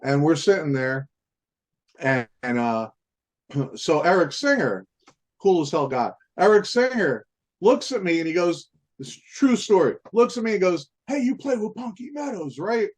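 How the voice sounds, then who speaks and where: A man's voice: on the high side, animated, normal speed. A male musician guest tells his stories in a loose, rambling way, leaning on fillers and casual asides. His voice sits a little above the usual male range. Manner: rambling, filler-heavy, peppered with "man" and "you know". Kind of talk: casual storytelling in an interview.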